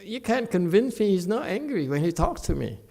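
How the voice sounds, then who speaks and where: Animated, high-voiced man giving a Dharma lecture. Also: moderate pace, vocal fry. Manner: animated, chuckling asides to the audience. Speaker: Buddhist teacher giving a lecture. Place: temple lecture hall.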